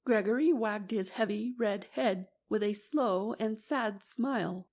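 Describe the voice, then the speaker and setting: A woman's voice: mid-range voice, measured pace, darkish tone. Woman narrating an audiobook.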